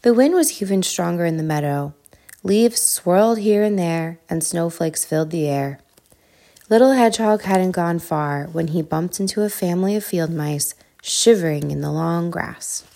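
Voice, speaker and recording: Gravelly-voiced woman reading a bedtime story. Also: on the low side, normal speed, mellow. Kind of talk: children's storybook narration.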